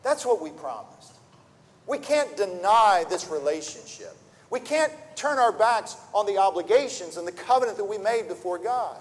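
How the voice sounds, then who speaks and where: A man's voice: high voice, sing-song, moderate pace. Man, preacher, earnest sermon, rhetorical questions, long church-hall reverb. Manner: repeats words as he restarts. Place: church sanctuary.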